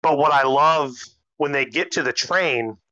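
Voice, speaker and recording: A lively man with a bright, slightly high voice chats excitedly about an anime episode, cursing casually. The sound is close and dry, with no room around it. He talks like a podcast co-host among friends. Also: no room sound, dull audio. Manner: animated, swears freely, acts out characters in quick bursts. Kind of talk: casual anime recap chat.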